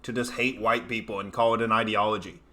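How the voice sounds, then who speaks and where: A man's voice: on the low side, level tone, fast, sharp tone, a little hiss or hum. A man hosting a comedy commentary show, ranting with heavy profanity and mock-incredulous outbursts. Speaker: comedian host.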